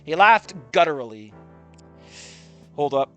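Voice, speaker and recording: A man's voice: on the high side, sing-song, measured pace, a bit bright, soft background music. A man reading a story aloud casually and commenting on it with sarcastic, swearing asides. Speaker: reader and commentator.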